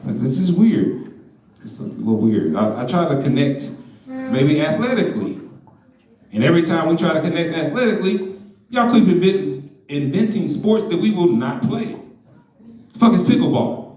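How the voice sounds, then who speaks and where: A foul-mouthed stand-up comedian in his forties tells stories on a club stage, and his fairly high voice swings up and down. The room sounds echoey, and the mic catches him from a distance. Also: moderate pace. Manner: profane, animated storytelling.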